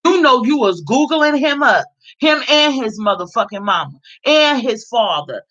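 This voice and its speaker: Blunt, foul-mouthed woman ranting, slightly high voice. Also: lively intonation, normal speed, bright, forceful tone, muffled recording. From California. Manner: blunt, heavily profane, repeats herself for emphasis. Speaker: vlogger. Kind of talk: casual commentary rant.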